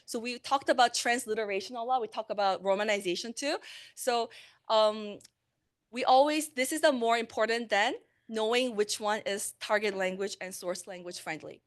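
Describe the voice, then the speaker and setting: A woman's voice: a little high, moderate pace. A woman, a language instructor giving a conversational conference talk on teaching translation, with fillers and self-corrections. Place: conference room.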